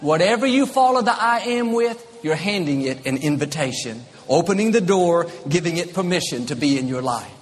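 Male preacher, slightly high voice, emphatic sermon delivery, reverberant hall, faint ambience. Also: expressive, moderate pace, few pauses, a little hiss or hum. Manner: emphatic, repetitive.

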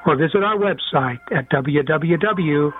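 Higher-voiced man in a church radio ad. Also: measured pace. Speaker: ad announcer. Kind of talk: scripted church ad. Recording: narrowband ad audio with faint music.

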